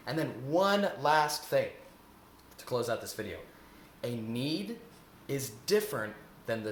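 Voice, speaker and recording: A man's voice: medium pitch, a little hiss or hum. A man coaching viewers in a self-help lesson, earnest and repetitive, often asking rhetorical questions. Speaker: eating coach. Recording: echoey room.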